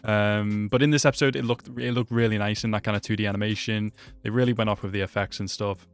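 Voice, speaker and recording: A man's voice: lowish voice, fairly even intonation, quick pace, smooth, soft background music. A man hosting an anime reaction video, talking casually and slangily, often calling the viewer "bro". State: hiccuping. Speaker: anime reaction channel host.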